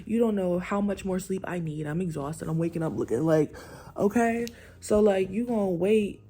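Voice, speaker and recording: A woman's voice: on the low side, normal speed, dark tone, slightly rough. A woman ranting in a vlog, blunt and exasperated, swearing freely. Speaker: vlogger.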